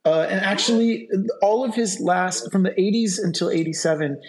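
A man with a fairly high voice chats on a podcast. He reads out actor trivia with enthusiasm, laughing along with his co-hosts. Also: moderate pace, crowd noise. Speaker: podcast co-host. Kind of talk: casual podcast chat.

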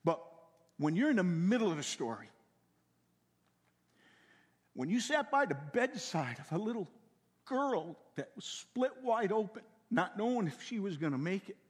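An older man preaching a sermon in a folksy way, repeating words and swinging from loud to hushed. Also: sits high, sing-song, normal speed, long pauses, breathy edge, in a large hall. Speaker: pastor.

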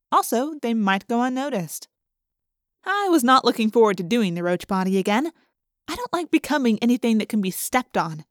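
A woman narrating a first-person audiobook in a lively, expressive way, speeding up in excited passages. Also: fairly high pitch, no room sound, studio quality.

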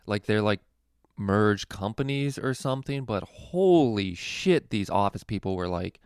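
A man's voice: lowish voice, lively intonation, measured pace, darkish tone, smooth, no echo, clean studio sound. A man telling a rambling, profane work story casually, with a lot of laughing.

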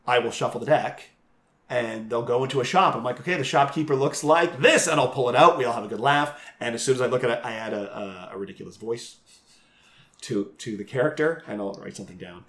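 Male game master, animated chatter and frequent laughs, echoey room sound. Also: medium pitch, fairly quick, a little hiss or hum. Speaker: game master of a live show. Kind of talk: casual interview chat.

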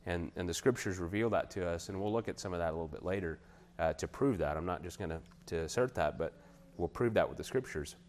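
A man preaching a sermon, retelling a Bible story and acting out the figures' lines with a raised, animated voice. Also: mid-range voice.

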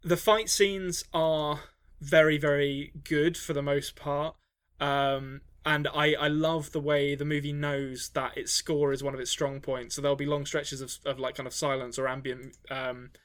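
A man co-hosting a casual movie podcast, his voice bright and a touch high. He rambles, restarting sentences and filling gaps with ums as he reviews a film. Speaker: podcast co-host.

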